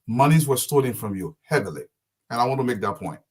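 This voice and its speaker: A man's voice: mid-range voice, very animated, fast talker, breathy edge. A man arguing insistently as a panelist on a political talk show. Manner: forceful, insistent, lecturing.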